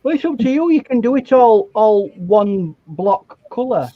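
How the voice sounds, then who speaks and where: High-voiced man teaching painting. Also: big pitch swings, a little slow, no echo, narrow, tinny audio. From England. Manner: instructive, stammers on sentence starts. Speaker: art instructor. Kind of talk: casual painting demonstration.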